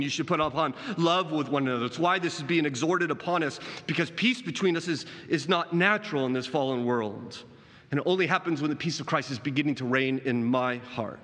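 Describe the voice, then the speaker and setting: A man's voice: on the high side, sharp tone, in a large hall. A man preaching a sermon as pastor, earnest, swinging his voice up and down and asking his listeners rhetorical questions.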